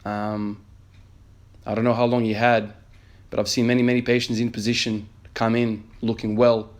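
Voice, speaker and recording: A man's voice: lowish voice, level tone, normal speed. A man in his thirties, an emergency nurse, earnestly telling a story in a motivational vlog with many fillers. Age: 30s.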